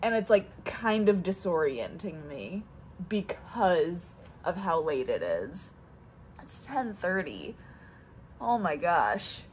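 A woman's voice: fairly low pitch, very animated, slow, a little mellow, slight background noise. A young woman talking casually to her camera at home, rambling with lots of fillers. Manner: chatty, rambling, many fillers. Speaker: vlogger. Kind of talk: casual vlog chat. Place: home, on the stairs.

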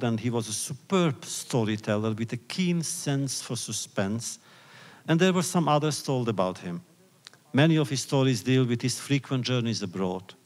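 A man giving a public lecture, retelling old rabbinic stories in a slow, deliberate, reflective way. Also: medium pitch. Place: lecture hall. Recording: long hall reverb.

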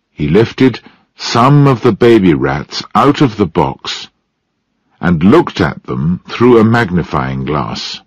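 Male narrator for learners, deep with a lively melody, dry close sound. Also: dry recording, dull audio. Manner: clear, deliberate phrasing. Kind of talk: slow storybook reading for learners.

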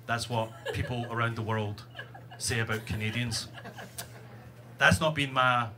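A man with a Scottish accent doing a stand-up set on a comedy club stage, telling stories in a profane, animated way into a stage microphone. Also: medium pitch, unhurried. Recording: live comedy club, loud noise.

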